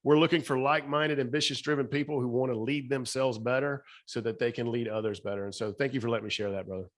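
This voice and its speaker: A man's voice: medium pitch, fairly even intonation, fast talker. A middle-aged man with a Southern accent, a podcast guest giving emphatic motivational talk, his voice slightly shaky. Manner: emphatic, repeats key phrases. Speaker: podcast guest, speaker and author.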